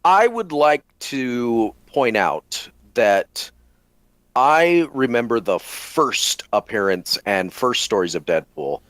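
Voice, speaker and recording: A man co-hosting a casual podcast chat, explaining things in a measured way. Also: mid-range voice, sing-song, fairly bright tone, dry recording. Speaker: podcast co-host.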